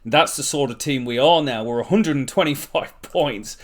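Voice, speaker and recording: A man talks through a let's-play session in a voice of ordinary middle pitch. He is chatty and excitable, cracking jokes between stretches of commentary. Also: normal speed. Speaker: gaming channel host.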